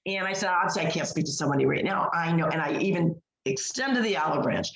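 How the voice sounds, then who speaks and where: A woman's voice: fairly low pitch, expressive, fast talker, hardly any pauses. A woman co-hosting a podcast, telling a story in casual chat with emphatic delivery, full of fillers and restarts. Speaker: podcast co-host. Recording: echoey room.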